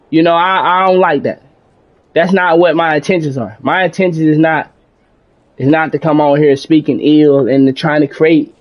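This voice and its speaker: On a gaming stream, a man with a fairly high voice talks through his thoughts in a calm, rambling, self-reflective monologue, often restarting sentences and swearing mildly in casual speech. The audio sounds dull and lo-fi, like a home streaming setup.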